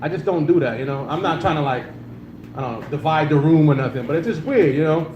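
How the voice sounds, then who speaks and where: A man's voice: on the high side, expressive, fast talker, lo-fi sound. A man performing a casual, crude stand-up comedy set on a club stage with a handheld mic. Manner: casual, crude, laid-back, with frequent filler. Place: club stage before a live audience. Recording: roomy club sound with faint noise.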